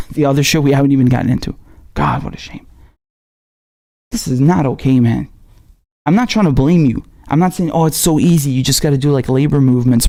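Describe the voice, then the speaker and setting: A man's voice: mid-range voice, warm tone. Heated, profane male political ranter. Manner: heated, profane, rapid-fire ranting. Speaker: political commentary host. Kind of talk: impassioned political rant.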